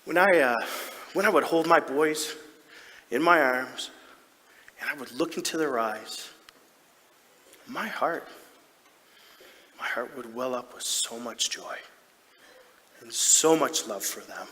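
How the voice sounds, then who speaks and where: A man's voice: medium pitch, takes it slowly, pauses often. A man playing a proud hockey dad. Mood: tender. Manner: chatty and self-mocking, with sudden excited outbursts. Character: proud, doting hockey dad, playful and earnest. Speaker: stage actor. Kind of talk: comedic stage monologue. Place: large theatre stage. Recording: reverberant theatre hall.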